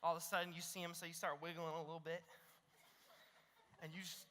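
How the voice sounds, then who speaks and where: A man preaching a youth sermon as the youth pastor. He is animated and joking, acts out little scenes and keeps adding "okay?". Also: on the high side, fast, in a large hall.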